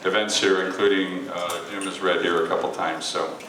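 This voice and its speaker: A man's voice: sits low, steady tone, normal speed. A man who runs a bookstore hosts a memorial reading, introducing it informally with many fillers and restarts. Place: bookstore event space with an audience. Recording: echoey, noisy room from a distance.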